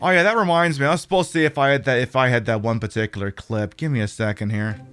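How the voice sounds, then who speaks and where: A man's voice: mid-range voice, fast, fairly bright tone. A man with an Australian accent, ranting and swearing in casual chat while streaming a game.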